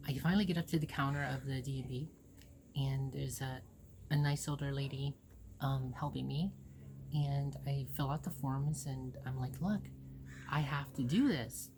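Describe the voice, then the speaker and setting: A low-pitched woman in her forties from Ohio hosts her own show and tells stories from her life. Her voice has a gravelly rasp, and a faint hum of room noise sits behind it. She rambles candidly, swears freely and slips into other people's words as she goes. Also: little pitch movement, unhurried, long pauses, darkish tone. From Ohio, USA. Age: 40s. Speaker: host. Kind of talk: casual personal storytelling.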